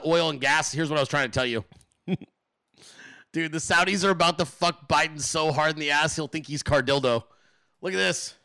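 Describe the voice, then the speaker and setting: A man's voice: on the high side, sharp tone. A man hosting a livestream of political commentary, ranting with profane sarcasm and throwing mocking questions at his audience. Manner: asks the audience rhetorical questions. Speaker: political commentator, show host.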